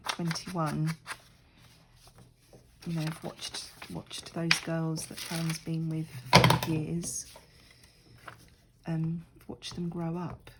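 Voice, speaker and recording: A middle-aged woman who vlogs about crafting chats casually while working on a project, rambling a bit and poking fun at herself. Her voice is low-pitched, and heavy background noise fills the recording.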